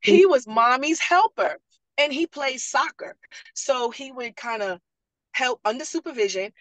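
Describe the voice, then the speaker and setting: She has a high-pitched voice and a measured pace, telling stories with animation and acting out quotes during a casual panel. The speaker is a parent liaison and program graduate, heard in a low-quality recording with no room sound.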